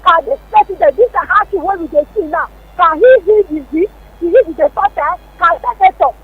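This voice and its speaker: A woman's voice: very high voice, a little fast. A woman speaking with a Nigerian Pidgin accent, calling in to a radio show, impassioned and pleading. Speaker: caller. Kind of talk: phone-in complaint. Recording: tinny phone line.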